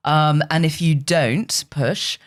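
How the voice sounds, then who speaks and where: A woman with a British accent, a television journalist guesting on a podcast, telling stories in a frank, brisk way. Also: deep voice, fairly even intonation. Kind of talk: casual podcast chat.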